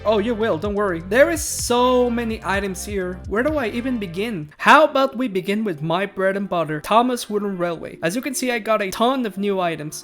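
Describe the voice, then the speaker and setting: A man with a crusty, nasal voice narrates a scripted vlog in a chatty, self-mocking way, often playfully answering his own questions. He speaks into a clean, high-quality mic. Faint music plays behind him. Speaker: channel host. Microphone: new, high-quality mic.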